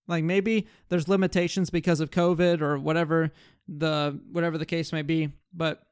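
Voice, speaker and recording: In clean studio sound with no room noise, a man with a fairly high, clear and resonant voice offers casual gaming commentary. He thinks out loud about game changes he'd like, full of fillers and restarts.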